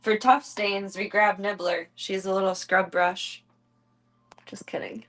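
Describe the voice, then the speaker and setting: A woman streaming casually from home, chatting to viewers and cooing baby talk at her kittens, her voice jumping high when she talks to them. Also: fairly even intonation, measured pace, a bit bright, rough recording. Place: home room with cat enclosure.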